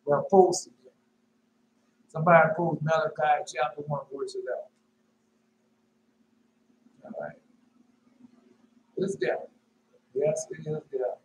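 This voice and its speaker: A man's voice: slow, pauses often. Emphatic preacher man in an echoey room. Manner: emphatic with rhetorical questions and repetition; pitch jumps sharply on emphatic words. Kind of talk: informal sermon with scripture reading. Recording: echoey room with faint noise.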